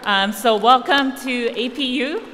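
A woman's voice: a little high, a little slow, a bit bright, long reverb tail, slight background noise. A woman giving a personal, enthusiastic welcome speech at a university event. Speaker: welcome speaker.

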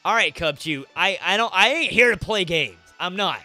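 A young man talks through his game run in an excitable, emotional rush that breaks into frustrated outbursts. His voice sits high and bright, with wide, lively swings of pitch. Faint game music plays underneath. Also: normal speed. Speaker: gaming YouTuber. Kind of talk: Let's Play commentary. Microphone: webcam setup with headset or desk mic.

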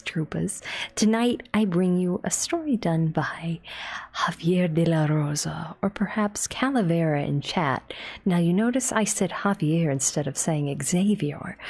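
Breathy whispering woman, sudden shrieks. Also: fairly low pitch, a little slow. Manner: soft whispering broken by shrieks and swearing. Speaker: streamer. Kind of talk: whispered ASMR stream. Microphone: desktop USB mic.

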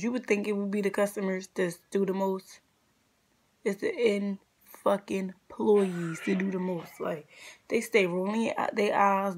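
A woman's voice: medium pitch, husky. A young adult woman vlogger telling a casual storytime rant, blunt, profane and exasperated, full of slang.

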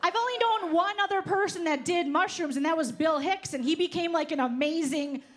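On stage at a live comedy show, a woman performs a brash, profane stand-up set, working the crowd and teasing the audience. Her voice is very high and brisk.

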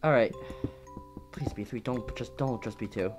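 A gameplay commentator talking over their own play, jumpy and quick to swear, yelping at every scare. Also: mid-range voice, faint music behind.

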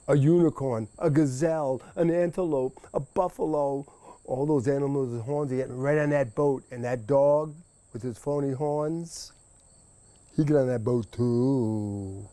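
Slow, mellow-voiced male storyteller. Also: mid-range voice, no room sound. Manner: rhythmic, repetitive, with sound effects. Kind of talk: oral folktale telling to an audience.

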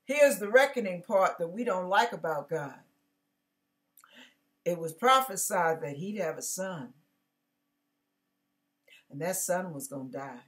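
Lively, slow-spoken woman preacher. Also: lowish voice. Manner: animated, acts out biblical characters with slangy asides. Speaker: pastor. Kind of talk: casual conversational sermon.

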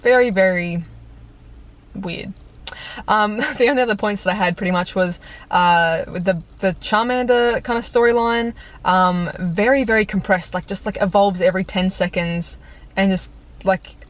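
A woman's voice: medium pitch, moderate pace. Young woman vlogger, casual exasperated movie rant, chatty, filler-heavy. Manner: chatty and exasperated, lots of "like", breaks into laughter. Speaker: video reviewer. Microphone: compact camera on tripod.

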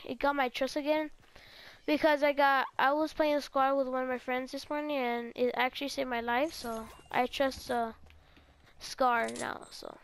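A woman's voice: sits high, a bit bright, smooth. A teenage girl giving casual, rambling gameplay commentary and talking straight to her viewers. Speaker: gaming video creator.

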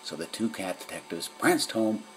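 A man narrating a children's story in an expressive storytelling manner. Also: on the low side, normal speed, a little hiss or hum, rough recording. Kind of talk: storybook reading.

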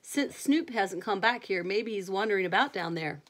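A woman voicing a kindly father in a bedtime storybook reading, speaking in a measured way. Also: medium pitch, animated, lightly acted.

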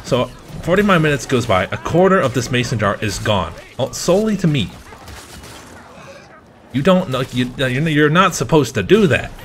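Animated young man telling a story while gaming. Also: medium pitch, moderate pace, a little hiss or hum. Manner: rambling, profane, laughing, talks to the game between story beats. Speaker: gaming streamer. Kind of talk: casual storytelling while playing.

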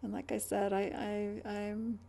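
Middle-aged female vlogger, mellow gravelly tone, meandering chatty delivery with stammers. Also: medium pitch, flat delivery, measured pace. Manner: chatty, stammering restarts, trailing asides. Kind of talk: rambling casual chat.

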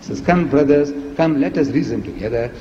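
A man giving an emphatic public lecture, asking rhetorical questions with a lively, teasing delivery, heard on an archive recording. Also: fairly high pitch, brisk, a little hiss or hum. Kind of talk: public lecture played in a reaction video. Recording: echoey hall, dull lo-fi archive recording.

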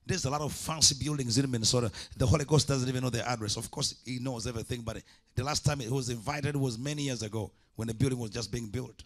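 A man's voice: medium pitch, quick pace. A man preaching a sermon as an evangelist, impassioned, with repeated call-and-response lines.

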